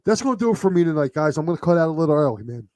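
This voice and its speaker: A man talks on a sports show in a slightly high voice, teary and halting, with lots of pauses and fillers. The recording is close and dry, with no room sound around him. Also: big pitch swings, a little mellow, no room sound. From Philadelphia area. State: teary, emotional. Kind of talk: casual chat.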